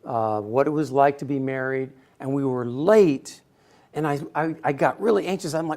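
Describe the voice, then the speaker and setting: A middle-aged man telling a personal story in a speech to an audience, acting out quotes with sudden loud bursts. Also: on the high side, fairly quick. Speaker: speaker giving a personal talk.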